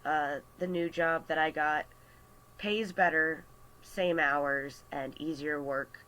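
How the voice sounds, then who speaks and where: A man telling a story on a casual vlog, animated and chatty with lots of fillers, into a computer mic. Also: a little high, slight background noise, rough recording. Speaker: artist vlogger. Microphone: webcam or computer mic.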